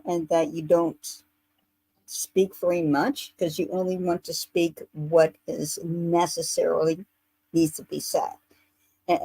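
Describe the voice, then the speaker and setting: Low-voiced woman giving a rune reading. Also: dry recording, rough recording. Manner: explanatory, steady, with filler pauses. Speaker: psychic medium. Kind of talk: spiritual reading on a livestream.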